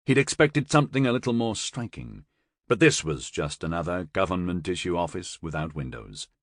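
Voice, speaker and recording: A man reading an audiobook as narrator in an expressive storytelling manner. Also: low-pitched, moderate pace, no room sound, clean studio sound. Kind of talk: scripted narration.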